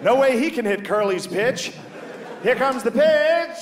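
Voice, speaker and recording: A man voicing a hearty old-time male radio baseball announcer with a booming, folksy play-by-play delivery. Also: lively intonation, a little slow, heavy background noise. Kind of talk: 1940s radio acting. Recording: echoey venue, loud audience laughter.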